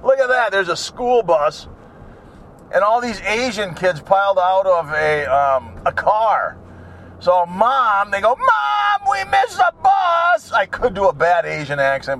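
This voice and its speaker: Man, driving vlog, rambling sarcastic rants, high animated voice, faint road noise behind. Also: normal speed. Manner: ranting, sarcastic, drifts between topics, swears. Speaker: vlogger. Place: in a car while driving.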